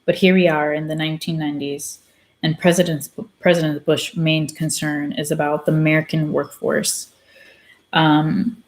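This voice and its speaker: A woman hosting her own channel, reading a book aloud and breaking off into blunt, opinionated commentary. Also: low voice. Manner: opinionated, blunt asides between read passages. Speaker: channel host.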